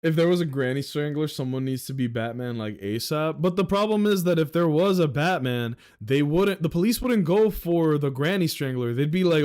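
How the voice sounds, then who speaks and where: A man's voice: on the high side, normal speed, few pauses, a little mellow. A young man from the Philadelphia area ranting sarcastically on a livestream at a desk mic, profane and exasperated.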